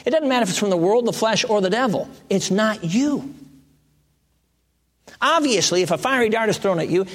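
A man preaching a sermon in a conversational way, jumping to emphatic high peaks and then dropping to soft, hushed lines. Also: expressive, moderate pace. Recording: long reverb of a large hall.

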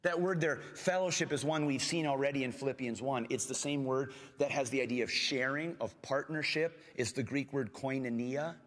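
A man preaching a sermon as pastor, earnest, asking his hearers questions and dropping at times to a soft, gentle tone. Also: on the high side. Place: church sanctuary. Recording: long hall reverb.

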